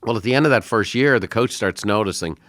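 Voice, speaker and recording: A man's voice: lowish voice, quick pace, fairly bright tone, dry recording, studio quality. Middle-aged man hosting a podcast chat. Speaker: podcast host. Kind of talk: conversational interview.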